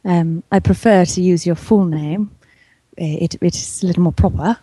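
A woman's voice: lowish voice, moderate pace, dark tone, breathy edge, no room sound. A woman putting on a posh English accent as a prim, proper lady. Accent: posh English put on. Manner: prim and formal.

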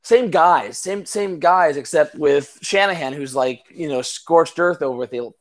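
A man's voice: fairly high pitch, a little slow. A tipsy man co-hosting a sports chat, rambling, profane, full of stammered restarts. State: tipsy from drinking. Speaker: podcast co-host.

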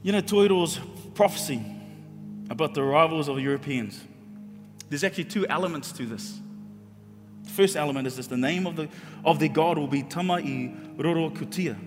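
A man's voice: a little high, normal speed, pauses often, over music. A man preaching a sermon as pastor, impassioned and repetitive, acting out his own thoughts. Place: church hall with long reverb. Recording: reverberant church hall.

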